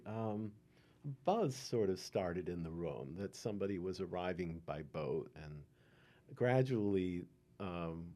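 Older man reminiscing, low and lively. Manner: unhurried, many ums, chuckling. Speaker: oral history interviewee. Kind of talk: reminiscing storytelling.

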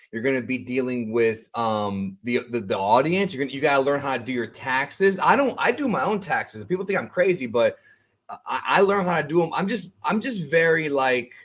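A man's voice: medium pitch, animated, normal speed, a bit bright, slightly rough. A man talking as a guest on a podcast, speaking frankly and earnestly, with casual slang and many restarts.

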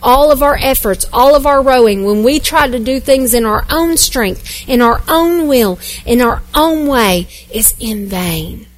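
A woman's voice: high-pitched, lively intonation, a little slow, hardly any pauses. A woman pastor preaching a sermon, earnest and repetitive, building emphasis phrase by phrase.

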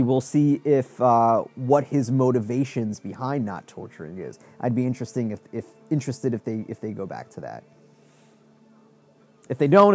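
A man's voice: medium pitch, darkish tone. A man giving casual reaction commentary on a show, rambling with many restarts. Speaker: show reviewer.

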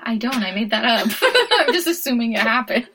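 A woman's voice: fairly high pitch, very animated, fairly quick, sharp tone, slight background noise. A woman co-hosting a casual podcast chat, playful and rambling, laughing often. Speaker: podcast co-host.

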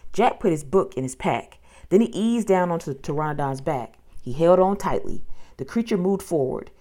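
A woman reading a children's book aloud, with steady, expressive storytelling. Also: low-pitched.

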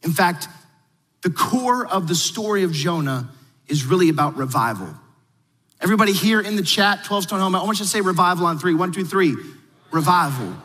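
A male pastor lays out his sermon series in a confident teaching tone. He often turns to speak to the online audience. His voice is fairly high for a man, and it carries the long echo of a large hall. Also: lively intonation, a little fast, fairly bright tone.

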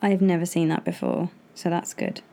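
A woman's voice: lowish voice, level tone, moderate pace, mellow, a little hiss or hum. A young woman co-hosting a podcast, telling stories in a casual chat and laughing often. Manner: chatty storyteller, laughs often. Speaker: podcast co-host.

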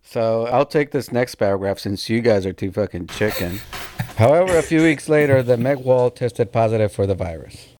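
A man's voice: fairly low pitch, moderate pace, dark tone. A man hosting a podcast, bantering casually with his co-hosts, joking and swearing as he reads out news stories. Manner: joking, profane, laughs often. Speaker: podcast host.

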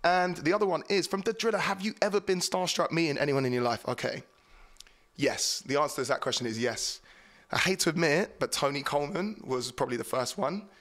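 A man hosting a drum and bass podcast, chatting casually and excitedly between tracks, joking and tripping over his words. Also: fairly quick. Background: drum and bass music playing.

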